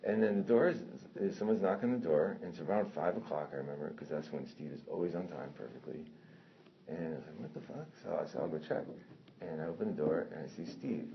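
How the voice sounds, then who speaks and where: Low-voiced man telling a profane story. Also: quick pace, gravelly. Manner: animated, profane, rambling with self-corrections. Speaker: storyteller recounting a personal incident. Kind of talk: casual spoken anecdote. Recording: dull lo-fi sound with faint noise.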